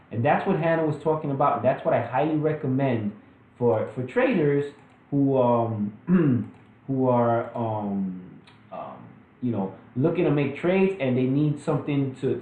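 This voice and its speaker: A man's voice: mid-range voice, darkish tone. Casual man explaining stock charts, echoey. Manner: casual, loose, many fillers and restarts. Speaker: trading educator. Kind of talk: screen-share stock chart walkthrough.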